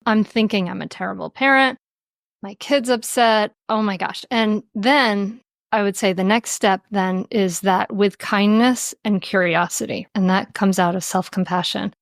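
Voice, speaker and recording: A woman speaking as a podcast guest on parenting and mindfulness, gentle and reflective, often laughing lightly as she explains. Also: mid-range voice, fairly even intonation, a little slow, no room sound, studio quality. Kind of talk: podcast interview.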